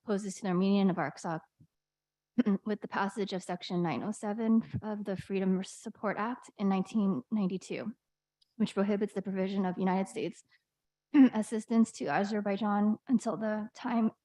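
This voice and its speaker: A woman trustee reading a resolution aloud at a board meeting, stumbling over words and clearing her throat often. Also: mid-range voice, steady tone, moderate pace, darkish tone, low-quality recording.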